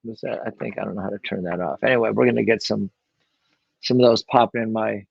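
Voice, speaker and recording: A man with a lowish, creaky, husky voice talks quickly, recorded dry and muffled on his own microphone. He's a real estate investor appearing as an interview guest, rambling through his story with plenty of fillers and restarts.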